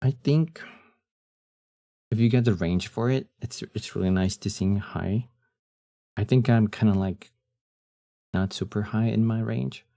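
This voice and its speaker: A young man chatting casually on a live stream, with a deep, husky morning voice and a laid-back way of talking, often trailing off with fillers. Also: a little slow, long pauses, dark tone.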